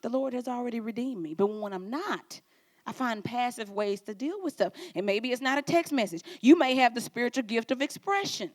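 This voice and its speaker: A woman pastor preaching at a conference, playful and animated, acting out little quoted exchanges. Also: fairly high pitch, a little fast. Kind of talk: sermon. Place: conference stage.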